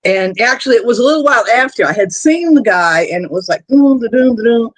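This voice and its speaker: A man's voice: high voice, animated, quick pace, fairly bright tone, no echo. A man hosting a live stream, telling rambling personal stories in casual chat. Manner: rambling anecdotal storytelling. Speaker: stream host.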